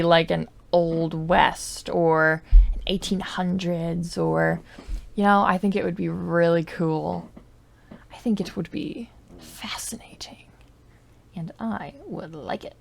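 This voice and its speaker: A woman YouTuber giving casual, rambling commentary on her game, full of likes and I don't knows, sometimes dropping to soft muttered asides into a desk microphone. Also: on the low side, vocal fry. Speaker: gaming YouTuber.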